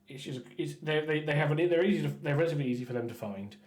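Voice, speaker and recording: A man chatting casually while painting miniatures on a stream, rambling with stumbling restarts and often trailing off quietly. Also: fairly high pitch, racing, echoey room. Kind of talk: casual painting livestream chat.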